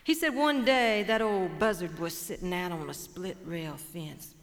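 A Cajun woman from Louisiana, storytelling and emceeing live on stage in a lively, folksy way, with a Cajun accent. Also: lowish voice, unhurried. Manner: lively, folksy, warmly engaging the audience. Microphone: stage microphone. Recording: long hall reverb from a live stage.

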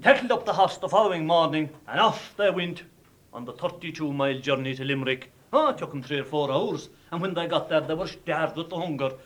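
A man with an Irish accent telling a traditional folk tale in a lively, dramatic way. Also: on the high side, fairly quick. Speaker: storyteller.

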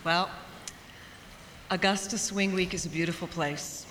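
A woman emceeing a live event, announcing from the stage in a warm, chatty way with small fillers. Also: on the low side, steady tone, measured pace. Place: large hall with live audience. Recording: roomy hall, faint crowd and noise.

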